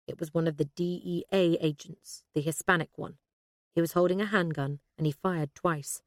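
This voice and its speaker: A woman narrating an audiobook thriller in a steady, measured way. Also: lowish voice, no echo, clean studio sound.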